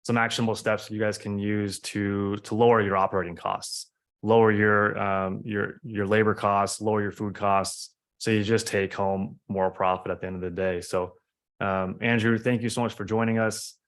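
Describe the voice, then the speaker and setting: Male webinar host, low monotone, halting introduction. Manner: hesitant, many fillers and restarts. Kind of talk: introducing a guest.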